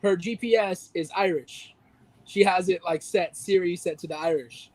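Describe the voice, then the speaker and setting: High-voiced dude on a podcast mic, telling stories, acting out quotes. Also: male voice, normal speed, no echo, rough recording. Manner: animated storyteller, mimics voices in quotes. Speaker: podcast co-host. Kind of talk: casual chat.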